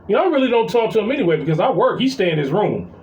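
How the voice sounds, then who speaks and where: A man's voice: high-pitched, very animated, racing, a little mellow, highs cut off. A middle-aged man talking straight to his audience in a casual venting monologue, heated and full of profanity as he tells a family story. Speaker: vlogger.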